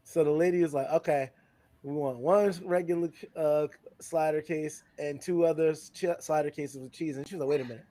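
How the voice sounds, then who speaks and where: Animated storytelling man, dry close mic. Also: normal speed, no echo. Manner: animated, acts out quotes with big pitch jumps, swears freely. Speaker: podcast co-host. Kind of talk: casual storytelling among friends.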